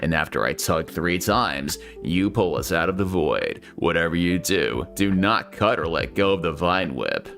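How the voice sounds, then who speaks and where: A man putting on a solemn, long-winded mage creature for a comic read-along. He speaks in a deep, slow, formal voice, measured and grave. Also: expressive, vocal fry, a bit bright, faint music behind, exaggerated voice.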